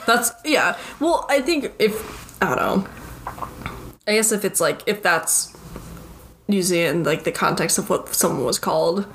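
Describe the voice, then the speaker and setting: Young woman, podcast co-host, blunt swearing reactions, lively pitch, faint hiss. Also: measured pace, long pauses. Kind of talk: casual chat.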